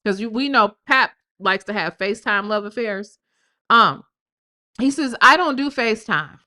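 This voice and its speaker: A woman hosting a casual gossip live stream, reading messages aloud and mocking them. Her voice sits a little high and rings bright and forceful. She talks with a sassy, teasing edge. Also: expressive, moderate pace. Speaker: commentary streamer.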